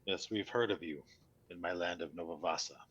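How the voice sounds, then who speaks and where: A man voicing a formal, measured cleric from a distant land. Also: deep voice, fairly bright tone, husky, muffled recording. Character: grave middle-aged male cleric, formal and measured.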